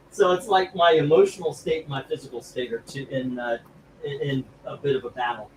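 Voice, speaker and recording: A man's voice: mid-range voice, fairly even intonation, moderate pace, a little hiss or hum, rough recording. A man hosting a live comic book auction stream, chatting casually and rambling with jokes, feeling sick from food poisoning. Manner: rambling, jokey, laughs easily.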